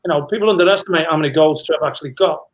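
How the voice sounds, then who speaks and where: A man's voice: a little high, racing, poor audio. A middle-aged man, a former footballer, telling anecdotes in a rambling casual chat with many restarts.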